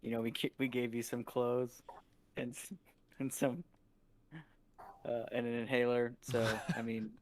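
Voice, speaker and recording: Flat-voiced casual game player. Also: male voice, mid-range voice, a little slow, long pauses, a little hiss or hum. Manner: casual, hesitant, with fillers. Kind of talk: casual tabletop role-play.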